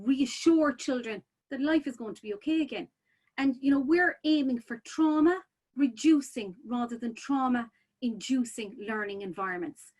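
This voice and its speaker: A woman's voice: high-pitched, a little mellow. A woman presenting a childcare webinar in a chatty, informal way, full of "you know" fillers and restarts.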